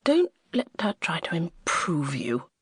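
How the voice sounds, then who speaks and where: Woman voicing a soft-spoken protective older man. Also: on the high side, huge pitch swings, unhurried, husky, no room sound, clean studio sound, exaggerated voice. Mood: reassuring. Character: kindly protective middle-aged man, uncle-like.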